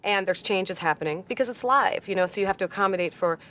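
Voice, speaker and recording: A comedy cast member briskly describing the chaos of live television. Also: female voice, medium pitch, a bit bright.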